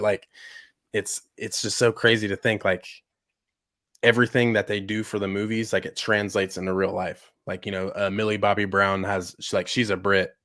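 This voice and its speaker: A young man hosting a podcast, chatting excitedly with lots of "like" and "bro". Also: fairly low pitch, no room sound, clean studio sound. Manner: excitable, heavy use of "like" and "bro". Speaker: podcast host. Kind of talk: casual chat.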